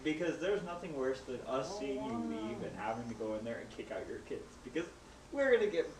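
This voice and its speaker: A man's voice: mid-range voice, sing-song, brisk, far from the mic, crowd noise. Ranting young man, slightly off-mic. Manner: emphatic, complaining. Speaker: co-host, movie theater worker. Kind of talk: casual chat, ranting. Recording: echoey room, voice a bit off-mic, faint noise.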